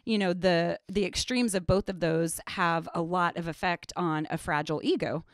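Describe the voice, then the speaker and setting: A woman's voice: on the low side, fairly even intonation, normal speed, dry recording. Female cohost, forties, pregnant, candid, laughs easily, dry close sound. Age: 40s. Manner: candid, laughs easily, trails off mid-thought. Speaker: podcast cohost. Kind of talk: casual chat.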